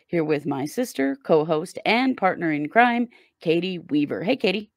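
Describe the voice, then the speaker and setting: A hoarse woman co-hosting a podcast, chatting casually and introducing the show in an upbeat way. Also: on the low side, moderate pace, dry recording, studio quality. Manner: upbeat, animated host intros. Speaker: podcast co-host.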